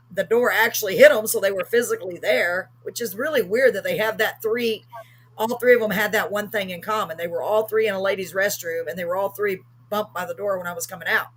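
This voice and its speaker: A woman's voice: medium pitch, brisk, fairly bright tone, slight background noise. A middle-aged woman, telling a story on a live talk show with emphatic, acted-out quotes. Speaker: host.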